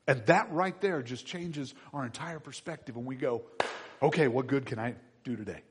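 A man preaching a sermon as pastor, animated, swinging between loud emphatic lines and quiet asides, acting out everyday voices as he goes. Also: mid-range voice, normal speed. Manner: acts out everyday voices in quotes. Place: church sanctuary. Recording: husky voice in a reverberant hall.

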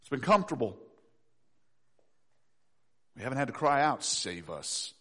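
A male pastor preaching a sermon to his congregation, swinging between soft low asides and loud rising pleas. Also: animated, normal speed.

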